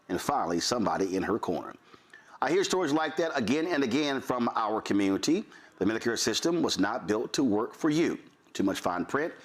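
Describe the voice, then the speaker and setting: A man delivers an earnest, persuasive ad read in a husky voice. His pitch rises and falls expressively, and at times he softens almost to a whisper. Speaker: ad announcer. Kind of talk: radio ad read.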